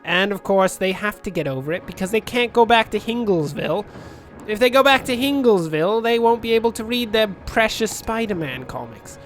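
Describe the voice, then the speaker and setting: A man's voice: sits high, animated, fairly quick, soft background music. Rambling, jokey man commentating a game. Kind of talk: let's play commentary.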